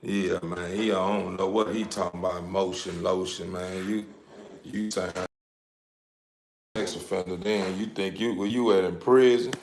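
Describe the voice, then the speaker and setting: A man's voice: low-pitched, steady tone, a little slow, darkish tone, roomy sound, slight background noise. Rambling man on a phone livestream. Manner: rambling, repetitive, laughing, addressing viewers. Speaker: dog breeder livestreaming. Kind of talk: casual livestream chat.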